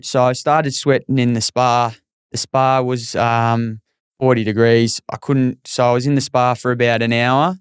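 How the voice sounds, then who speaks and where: A man with an Australian accent, a jockey telling a lively story in a casual interview with frequent restarts. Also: medium pitch, smooth, no room sound, studio quality. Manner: animated, spins a story with lots of restarts. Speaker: jockey, guest.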